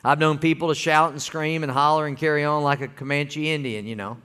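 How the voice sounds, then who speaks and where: A man delivers a sermon from the pulpit. His voice sits a little high and he talks in a folksy, conversational way. He keeps pulling the congregation in, asking them to answer back. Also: steady tone, fairly quick, bright, forceful tone, smooth. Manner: folksy, calls for congregation responses. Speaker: pastor.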